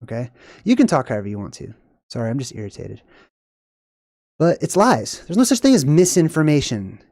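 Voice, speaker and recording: A man's voice: mid-range voice, big pitch swings, fairly quick, darkish tone, dry recording, studio quality. A man hosting a casual commentary vlog, ranting to viewers in an irritated, conversational way and swearing freely. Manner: conversational, talks straight to viewers. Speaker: host.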